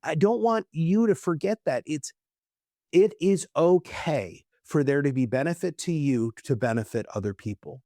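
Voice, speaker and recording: A man's voice: on the high side, expressive, moderate pace, warm tone, dry recording, clean studio sound. A man speaking as a podcast guest, earnest and emphatic, often repeating words for stress. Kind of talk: conversational podcast talk.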